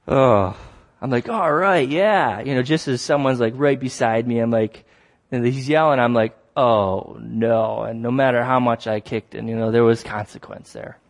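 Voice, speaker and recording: A man preaching a sermon, telling stories with lively acted-out exclamations and repeating key phrases for emphasis. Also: medium pitch, moderate pace. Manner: animated storytelling, acts out shouts and exclamations.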